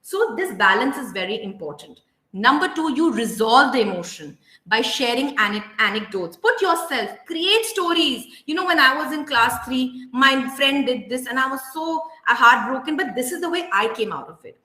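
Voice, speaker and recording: An earnest woman with an Indian English accent gives a parenting workshop talk, her voice bright and a little high. She leans on key points by slowing down. The sound is roomy, with a clear echo. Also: animated. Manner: earnest, emphatic, slows down to stress key points. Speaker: parenting educator.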